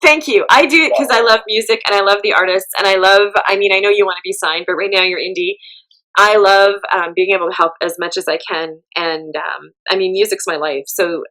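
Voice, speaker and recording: A woman from the Winnipeg area hosts an interview and chats effusively with her guest. Her voice is bright and sits at a middle pitch. She talks in a warm rush of praise. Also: fairly even intonation, fairly quick, low-quality recording. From Winnipeg area, Canada. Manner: gushing, effusive, laughs often. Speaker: interview host. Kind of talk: casual interview chat.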